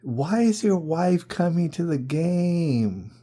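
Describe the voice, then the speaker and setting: Podcast host, male, fairly high but warm and dark-toned; casual storyteller, disbelieving, keeps repeating himself. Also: sing-song, takes it slowly. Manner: incredulous, full of rhetorical questions and repeats.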